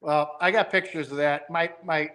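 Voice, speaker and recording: A man's voice: on the high side, fairly even intonation, normal speed, pushed and bright. A man talking as a guest about building a car, telling rambling, enthusiastic stories. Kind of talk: casual chat.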